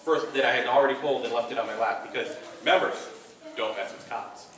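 A man telling a comic story to a live audience, animated and playful, with joking asides and a repeated punchline, recorded from a distance in a hall. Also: medium pitch, fast. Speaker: storyteller at a performance competition. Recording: echoey hall, far from mic, noisy.

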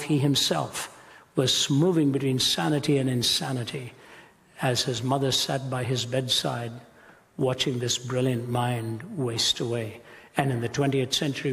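A man's voice: medium pitch, fairly bright tone, long reverb tail. A man giving a passionate, emphatic sermon-style lecture on ethics, speaking as a Christian apologist.

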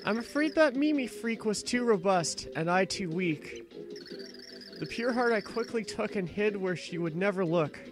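A man's voice: high-pitched, animated, normal speed, music in the background. A man reading aloud the rhyming lines of a haughty female fortune-teller from a game, in a sing-song way. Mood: proud.

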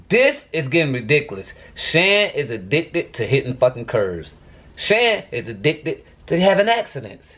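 A man's voice: medium pitch, a bit bright. A man vlogging to camera, venting in a profane, exasperated rant.

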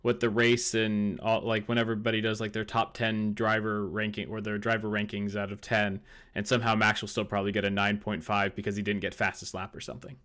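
A man's voice: fairly low pitch, little pitch movement, fairly quick, a bit bright. A man co-hosting a podcast in casual chat, opinionated, often restarting his sentences. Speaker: podcast co-host.

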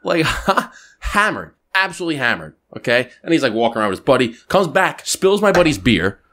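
A man hosts a casual podcast and spins a story with a lively voice that climbs and falls through every sentence. He swears freely and keeps the tale moving with quick asides. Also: medium pitch. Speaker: podcast host.

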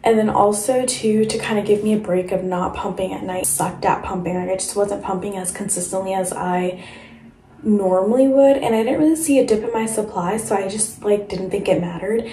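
A woman's voice: medium pitch, normal speed, dark tone, roomy sound, rough recording. A young woman vlogging at home late at night in a casual, chatty way, saying "like" a lot. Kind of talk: casual vlog chat.

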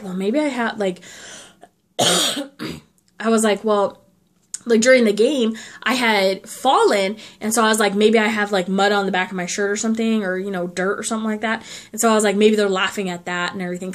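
Chatty young woman, coughing often. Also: mid-range voice. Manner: chatty, lots of filler "like". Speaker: vlogger. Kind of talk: casual storytime.

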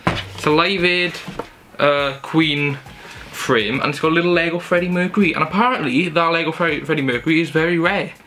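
A man's voice: on the high side, a little fast, pushed and bright, a little hiss or hum. A young man, chatty and enthusiastic, showing off his Christmas gifts at home in a casual haul video. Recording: background music under the voice. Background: music playing.

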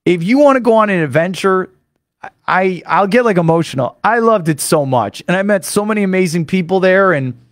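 An American man, a sports radio host, talking fast and eagerly in a studio monologue. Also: a little high, dry recording. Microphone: studio microphone.

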